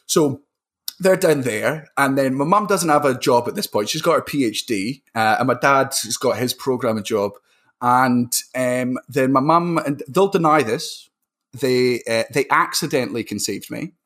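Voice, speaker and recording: A young Scottish man, a comedian guest, telling stories in a sweary, animated way during a casual podcast chat. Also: mid-range voice, unhurried. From Scotland.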